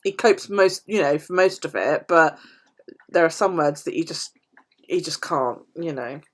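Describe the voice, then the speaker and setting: A woman's voice: deep voice, a little slow. A British woman vlogger chatting casually to her viewers, swearing freely and laughing often. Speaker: planner vlogger. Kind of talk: casual chat to live viewers.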